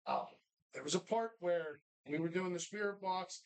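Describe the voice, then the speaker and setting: A man co-hosting a live show from a bar, telling stories in an animated, casual way and swearing freely. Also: sits high, moderate pace, smooth. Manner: animated storytelling, heavy swearing. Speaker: co-host.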